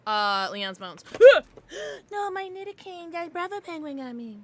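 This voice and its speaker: A young woman chatting casually on her gaming livestream, giggly and bubbly with loud, excited greetings. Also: sits high, normal speed. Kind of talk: casual gaming stream chat.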